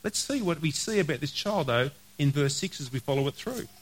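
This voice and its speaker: A man preaching a sermon, earnest, slowing to read scripture and repeating key phrases. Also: fairly high pitch, animated, rough recording. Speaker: pastor.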